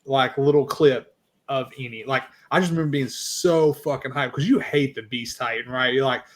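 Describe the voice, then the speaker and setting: A young man hosting a casual podcast chat, excitable and swearing freely. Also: medium pitch, moderate pace. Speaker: podcast host.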